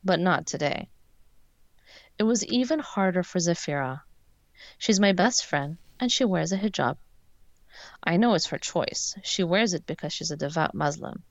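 Woman author, steady reading voice, gravelly and low, dry lo-fi recording. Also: normal speed, long pauses, no room sound. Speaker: author and interview guest. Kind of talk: reading her own story aloud, then answering questions. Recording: dull lo-fi sound.

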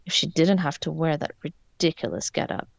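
A sneering young schoolgirl who mocks a classmate, read by a woman with a low, gravelly voice. Scornful and snobbish, set in a storybook reading. The sound is dull and lo-fi. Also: very animated, normal speed, no room sound, heavily acted. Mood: mocking. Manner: mocking, scornful. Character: snobby mocking schoolgirl bully.

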